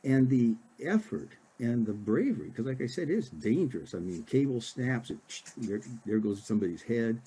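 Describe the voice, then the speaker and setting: An older man from Oregon, an author giving a casual library talk, halting with many fillers and restarts. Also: medium pitch, background noise.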